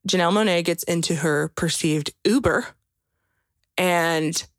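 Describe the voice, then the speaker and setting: Chatty woman with a lowish voice. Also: unhurried, no room sound, studio quality. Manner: chatty, animated, many likes and restarts. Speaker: podcast co-host recapping a film. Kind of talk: casual chat.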